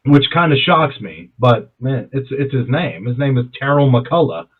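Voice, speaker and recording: A man's voice: normal speed, slightly rough. A young man, a podcast co-host, chatting casually and swearing freely, telling stories with lots of energy. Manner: profane, animated storyteller who jumps high in pitch when quoting himself. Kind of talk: casual chat. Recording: tinny phone-like sound.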